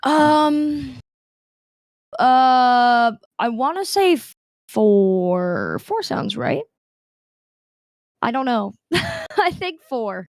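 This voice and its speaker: A woman's voice: on the high side, animated, very slow, pauses often, no echo, clean studio sound. A young woman guest on a video call, chatting casually with laughs and acting out the people in her stories. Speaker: guest streamer. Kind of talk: casual interview chat.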